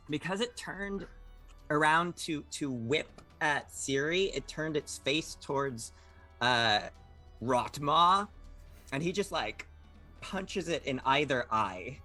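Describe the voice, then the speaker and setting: A man with a bright, forward voice talking slowly through his character's attacks in a tabletop game. He is wry and self-mocking about his rolls, and faint music runs behind him. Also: a little high. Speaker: player. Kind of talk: casual play at a tabletop game.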